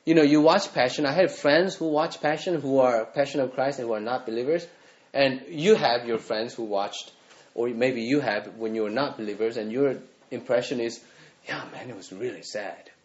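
A man's voice: mid-range voice, moderate pace, muffled recording. Earnest male pastor preaching in conversational style. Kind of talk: sermon.

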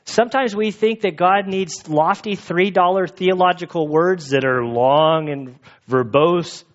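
A man's voice: high voice, unhurried. A pastor preaching an earnest, conversational sermon to his church congregation. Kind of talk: expository sermon. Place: church sanctuary. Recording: dull lo-fi recording.

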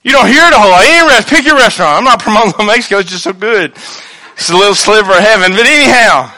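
A man preaching a sermon as pastor, animated, acting out quoted voices and swinging between loud outbursts and quiet asides. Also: high-pitched, racing.

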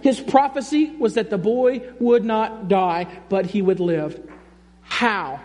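A man's voice: high voice, slow, a little mellow. A male pastor preaching a sermon in an emphatic, conversational way. He often repeats his key phrases. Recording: long reverb in a large hall.

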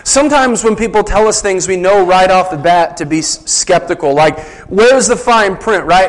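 A man's voice: high-pitched, low-quality recording. A man preaching a sermon as a pastor, conversational, asking the congregation rhetorical questions.

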